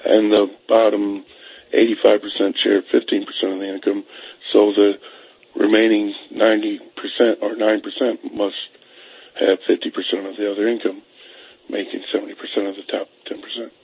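A man's voice: fairly low pitch, little pitch movement, moderate pace, slightly rough, dry recording. A man calling in to a radio show, hesitantly reciting numbers over a phone line. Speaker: caller. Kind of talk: call-in radio chat.

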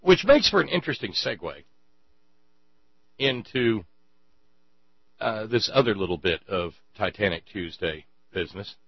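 A man's voice: on the low side, animated, a little slow, vocal fry, pauses often, breathy edge, dry recording. A man hosting a political commentary monologue, sarcastic and given to stammering restarts, on a dull lo-fi mic with mains hum. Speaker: show host.

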